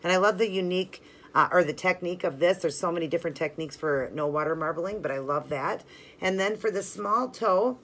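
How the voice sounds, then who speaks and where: A woman's voice: sits low, slight background noise. A woman hosting a nail art channel, talking casually step by step through her work with lots of "like" and "you know". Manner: chatty and friendly, filler-heavy ("like", "you know"); instructive, talks while working hands-on. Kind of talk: casual step-by-step tutorial narration.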